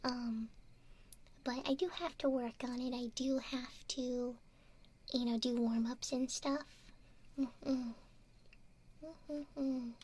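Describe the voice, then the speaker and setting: Woman ASMR streamer, hushed whisper throughout, slow easy delivery. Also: high voice, steady tone. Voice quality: soft whispering. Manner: gentle, giggly, thanks viewers by name. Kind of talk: whispered chat with stream viewers.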